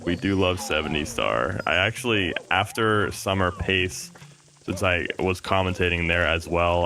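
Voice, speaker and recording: A man's voice: deep voice, pushed and bright. A man commentating a live speedrun stream from a booth, easygoing and supportive in banter.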